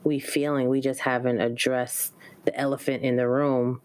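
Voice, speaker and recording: A podcast co-host with a strikingly deep voice. She answers earnestly, thinking aloud as she goes. The sound is dry and close. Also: little pitch movement, normal speed, a little mellow, no room sound. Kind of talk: casual podcast conversation.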